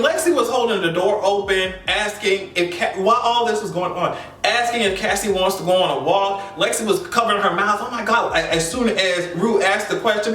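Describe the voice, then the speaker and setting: A man with a high, bright voice gives an animated, expressive recap of a show, packed with slang and profanity. He seems a bit far from the mic in an echoey room, with faint music playing behind him.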